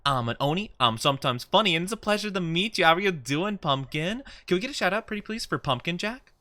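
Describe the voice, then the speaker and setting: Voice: mid-range voice, animated, fast talker, pushed and bright, dry recording. A streamer chatting casually while gaming and greeting viewers by name in a bubbly way. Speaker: streamer, VTuber host. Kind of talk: casual live-stream chat.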